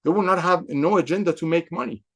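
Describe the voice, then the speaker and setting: Man, somewhat high voice, excitable executive giving a motivational sales pep talk. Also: quick pace, vocal fry. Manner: excitable, repetitive, preacher-like emphasis. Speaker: company executive addressing affiliates.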